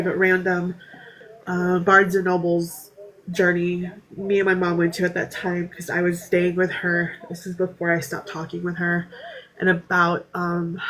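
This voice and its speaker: A woman speaking as a podcast panel guest, telling a personal story candidly in a halting way, with many fillers and restarts, and sometimes trailing off softly. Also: lowish voice, rough recording.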